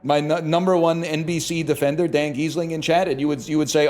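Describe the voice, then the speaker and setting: A man's voice: on the high side, fairly quick, soft background music. A man from Canada chatting live on his stream, ranting and swearing at his chat. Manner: animated, profane ranting to chat.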